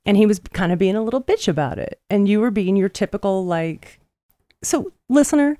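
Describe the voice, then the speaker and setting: Woman host, casual storytelling, profane and animated, lively swinging pitch, dry close sound. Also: a little fast, dry recording. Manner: profane, animated, acts out quotes. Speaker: podcast host.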